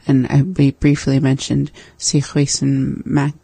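Flat, gravelly, slow-speaking language co-host. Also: medium pitch, no room sound. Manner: slow, flat, deliberate, practices words by repeating them. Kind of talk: language lesson conversation.

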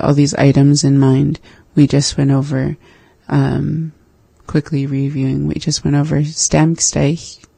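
Lesson co-host, slow even delivery, gravelly and mellow, practicing vocabulary aloud. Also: mid-range voice, no echo. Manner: slow, flat, deliberate, practices words by repeating them. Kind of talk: language lesson conversation.

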